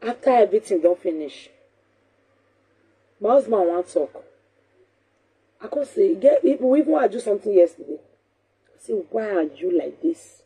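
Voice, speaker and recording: A Nigerian woman hosting a talk show, her voice deeply husky and mellow. She talks casually and animatedly, scolding and hammering her points home by repeating them. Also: animated, normal speed, pauses often.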